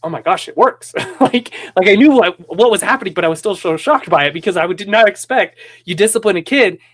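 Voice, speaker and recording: A man's voice: high voice, lively intonation, brisk, a bit bright. A man hosting a casual conversation who tells stories with animation, rambles with restarts, and acts out the voices he quotes. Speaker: podcast host.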